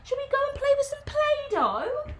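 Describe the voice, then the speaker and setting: A woman's voice: extremely high pitch, wildly swooping pitch, moderate pace, fairly bright tone, slight background noise, voice pushed up, heavily acted. A woman putting on a gushing, sing-song voice of a nursery teacher talking to small children. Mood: cooing.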